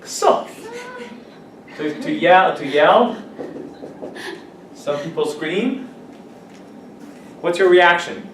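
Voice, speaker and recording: A man's voice: on the high side, slow, long pauses, a bit bright, a little hiss or hum. A man teaching English vocabulary to a class, explaining words with examples and asking students questions. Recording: echoey classroom mic from a distance.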